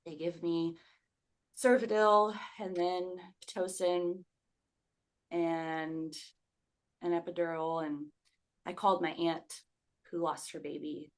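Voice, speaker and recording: A woman's voice: fairly low pitch, steady tone, slow pace, long pauses. A young woman who is a podcast guest, telling a personal story in a conversational way, full of "like" fillers and acting out what people said. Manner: conversational, many "like" fillers, acts out quoted speech.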